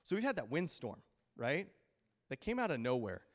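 Middle-aged male pastor, conversational sermon, mid pitch, acts out quotes. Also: moderate pace. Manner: animated storytelling with acted-out quotes.

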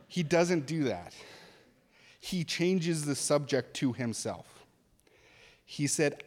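A man's voice: on the high side, slow pace. Earnest male pastor in a reverberant hall. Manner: earnest, conversational preaching with animated asides. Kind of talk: sermon.

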